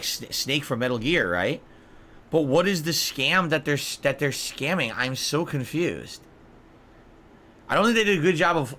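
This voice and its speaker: A man's voice: fairly high pitch, sharp tone. A man hosting a live stream and reacting to videos with rambling, puzzled commentary. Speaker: streamer host.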